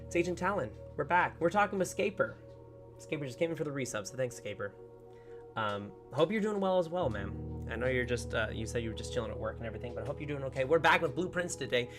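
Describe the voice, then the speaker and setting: A man's voice: medium pitch, expressive, a little fast, a bit bright, faint music behind. A man chatting casually on his gaming livestream from home, greeting viewers by name and talking to his dogs. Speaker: livestreaming gamer.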